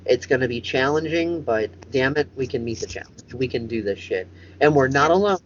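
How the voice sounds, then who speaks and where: A man's voice: mid-range voice, expressive, fairly quick, muffled recording, a little hiss or hum. Profane rambling male show host. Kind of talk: casual comedic chat.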